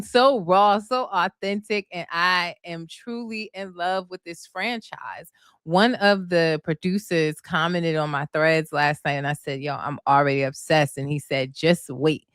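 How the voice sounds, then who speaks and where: A woman's voice: fairly low pitch, clear, resonant tone, no echo, clean studio sound. A woman chatting casually to her viewers, recapping a reality show and gushing about the cast, calling them y'all and honey. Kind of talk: casual chat.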